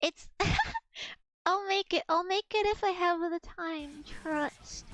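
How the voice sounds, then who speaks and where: A young woman with a strikingly high, girlish voice chats with her viewers while she plays. She teases them, curses freely and keeps the banter playful. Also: slow, a bit bright, poor audio. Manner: playful, swearing, teasing banter with chat. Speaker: game streamer. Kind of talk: casual live gameplay stream chat.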